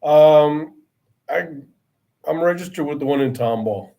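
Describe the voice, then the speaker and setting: Slow, mellow-voiced male host. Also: fairly high pitch, gravelly. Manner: short affirmations and laughter while listening. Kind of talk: casual livestream chat.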